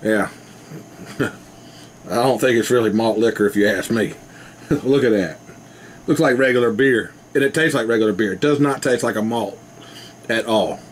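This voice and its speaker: A man's voice: lowish voice, moderate pace, pauses often, a little hiss or hum. A man rambling casually to his camera at home, laughing often. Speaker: vlogger. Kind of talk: casual rambling video chat.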